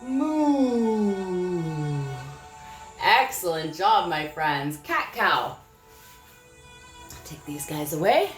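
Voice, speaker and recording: A woman leading a children's yoga class, giving gentle, encouraging instructions with frequent praise. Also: low-pitched, big pitch swings, takes it slowly, pauses often, reverberant, faint music behind. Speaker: kids yoga teacher. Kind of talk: guided children's yoga lesson.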